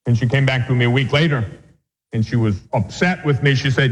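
A man's voice: mid-range voice, fairly quick, noisy background. A male Catholic priest teaching a catechism class, reading definitions aloud and then explaining them with homely examples. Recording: long hall reverb.

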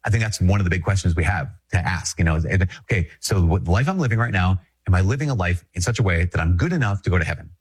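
A Catholic priest from Minnesota giving a conversational, emphatic reflection, repeating phrases and chuckling often. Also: male voice, low-pitched, animated, fast, hardly any pauses, husky. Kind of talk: spoken reflection to an audience.

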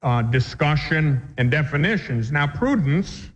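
A man, a priest, teaching a catechism class in a measured, deliberate way with homely examples. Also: fairly high pitch, lively intonation. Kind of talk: catechism lecture. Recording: dull lo-fi recording with long reverb.

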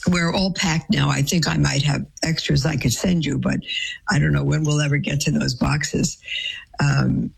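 A woman, a nun, reads listener letters aloud and answers them with gentle advice. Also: deep voice, steady tone, normal speed, vocal fry, slightly rough, poor audio. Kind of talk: advice show reading letters.

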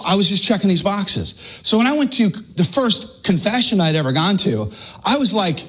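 A middle-aged man from Texas giving a live personal faith testimony, telling it with animated storytelling full of stammers and restarts. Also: sits high, moderate pace, breathy edge.

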